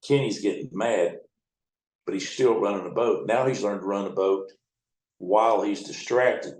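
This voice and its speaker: A man's voice: fairly low pitch, moderate pace, a little mellow. A middle-aged man, a riverboat captain, telling blunt, profane, rambling stories in a casual interview. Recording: echoey room.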